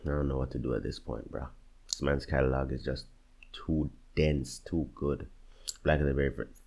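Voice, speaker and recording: Very deep gravelly young man reacting. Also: steady tone, moderate pace, a little mellow. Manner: agonized, swears often, talks to himself while choosing. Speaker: music bracket creator. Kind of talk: casual reaction commentary.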